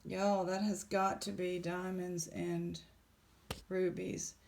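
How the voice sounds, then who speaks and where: A woman, casually chatting in a jewelry vlog, excited and exclaiming in shock. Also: fairly low pitch, slow, creaky. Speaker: jewelry unboxing vlogger.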